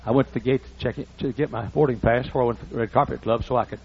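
Gravelly older preacher. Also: male voice, mid-range voice, steady tone, racing, a little mellow, slight background noise. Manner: folksy, acts out dialogue in raised voices. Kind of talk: storytelling sermon. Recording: muffled lo-fi recording.

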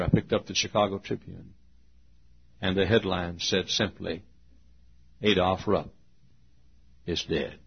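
A man preaching a sermon as a pastor, telling a story with frequent throat clearing and phrases he restarts. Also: fairly low pitch, dull audio.

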